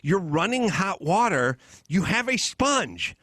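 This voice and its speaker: A man's voice: high voice, big pitch swings, slow pace, bright, forceful tone, no room sound. A middle-aged man hosting a podcast, ranting in an exasperated comic way, swearing freely and mocking other people's voices. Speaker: podcast host. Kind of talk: comedic rant. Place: hotel room.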